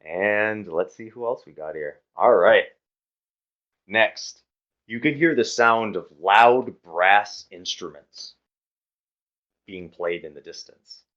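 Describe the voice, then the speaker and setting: A man narrating a tabletop game as game master, describing scenes in a relaxed, halting way. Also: on the low side. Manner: relaxed, hesitant narration with fillers. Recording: muffled lo-fi audio.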